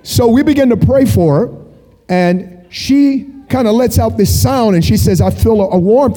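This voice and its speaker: A man preaching a sermon, telling stories with animated energy and jokey asides. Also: very high voice, moderate pace. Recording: long hall reverb.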